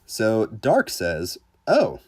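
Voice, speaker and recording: A man's voice: lowish voice, huge pitch swings, extremely slow. A man hosting a casual game livestream, reading viewer comments aloud in a laid-back, joking way with frequent restarts. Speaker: gaming livestreamer.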